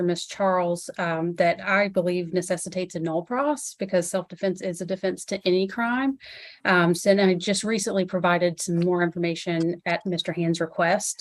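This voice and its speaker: A woman defense attorney speaking formally and briskly to the judge in a remote court hearing over a video call. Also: on the low side, dry recording, studio quality.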